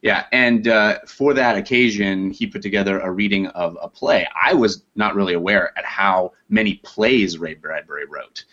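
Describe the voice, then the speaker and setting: A man, an actor and audiobook narrator, talking in a relaxed, self-deprecating way in a podcast interview. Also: on the low side, moderate pace, few pauses, dull audio.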